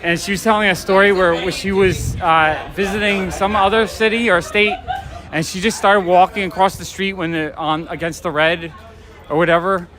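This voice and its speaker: A man with a high-pitched, fairly bright voice and fairly even intonation livestreams outdoors on a city street at night, speaking at normal speed. Filming on a handheld phone or camera as he walks, he rambles casually and enthusiastically with many fillers and restarts.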